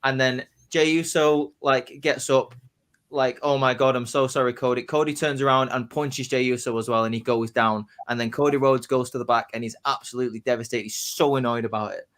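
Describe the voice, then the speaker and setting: A man on a casual podcast, telling his predicted wrestling storyline like excited play-by-play. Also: medium pitch, a little fast. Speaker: podcast host.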